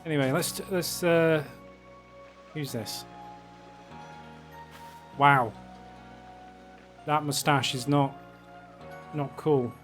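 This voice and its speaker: A man's voice: a little high, drawn-out words, long pauses, fairly bright tone. Give me a man casually narrating his gameplay with jokes, faint music underneath. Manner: jokey, reads game dialogue in voices. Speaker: streamer.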